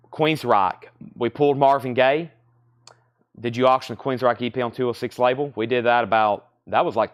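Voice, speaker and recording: A man with a Southern American accent hosts a live vinyl auction stream, calling out record titles, bids and prices one after another. He breaks off into easygoing asides, and his voice sits at an ordinary middle pitch. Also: a bit bright. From Southern United States. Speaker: host of a live record sale. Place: record shop.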